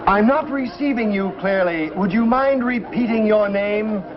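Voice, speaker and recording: A man's voice: high-pitched, a little slow. A man acting a grand, theatrical seance leader in an old sitcom. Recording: muffled old TV sound, music and audience.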